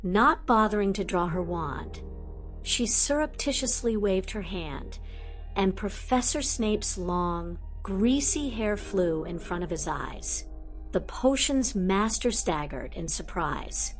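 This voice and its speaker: Woman audiobook narrator, lively storytelling, middle pitch, faint music underneath. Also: slow pace.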